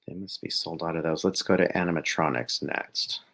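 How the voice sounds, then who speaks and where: A man's voice: deep voice, fairly even intonation, fairly quick, vocal fry, a bit bright, rough recording. A man co-hosting a casual live stream, giving step-by-step directions and laughing easily. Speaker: co-host.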